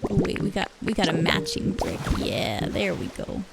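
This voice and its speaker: A woman streaming a video game live, giggling and excitable in her commentary. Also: fairly low pitch, normal speed, gravelly, very noisy. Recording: game music underneath.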